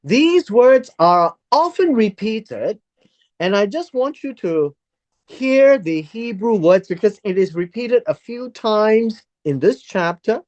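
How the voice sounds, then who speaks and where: A Bible study teacher who reads verses aloud and explains them word by word in an unhurried teaching style. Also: mid-range voice, animated, a little mellow, highs cut off.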